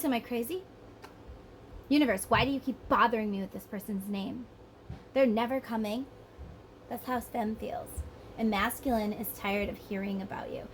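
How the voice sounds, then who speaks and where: A woman's voice: a little high, slight background noise, poor audio. A woman with a Southern US accent giving a rambling, casual tarot reading, sometimes acting out the people she talks about. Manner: chatty, rambling, acts out voices. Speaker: tarot reader. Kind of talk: casual psychic reading monologue.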